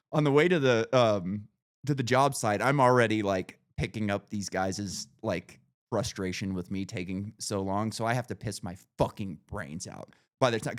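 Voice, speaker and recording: A man hosting a podcast, telling a long profane story in casual chat with lots of animated rises. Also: on the low side. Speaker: podcast host.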